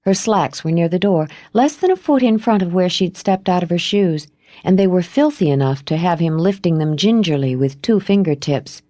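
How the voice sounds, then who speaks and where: A woman narrating a romance novel in a measured, expressive reading. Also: on the low side, no room sound, studio quality. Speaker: audiobook narrator. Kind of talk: scripted narration.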